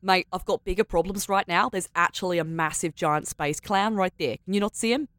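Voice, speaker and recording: A woman's voice: lowish voice, a little fast, fairly bright tone, no room sound. A woman playing in a tabletop game, who banters playfully in character and laughs often. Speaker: player.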